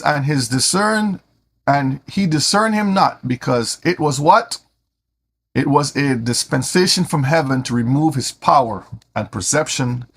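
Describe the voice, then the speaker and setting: Husky, animated man teaching scripture. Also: a little high. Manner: animated, repeats words when starting sentences. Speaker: Bible teacher.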